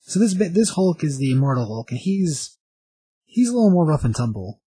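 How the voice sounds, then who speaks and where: Husky-voiced man rambling through a comic recap. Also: fairly high pitch, very animated, a little fast, mellow, no room sound, low-quality recording. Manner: rambling, lots of fillers and restarts. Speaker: comic book reviewer.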